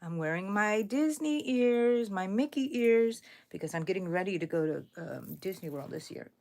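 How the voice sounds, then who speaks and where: A middle-aged woman hosting a live crochet stream, chatting with viewers and counting her stitches aloud softly. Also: medium pitch, lively intonation, normal speed. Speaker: crochet channel host.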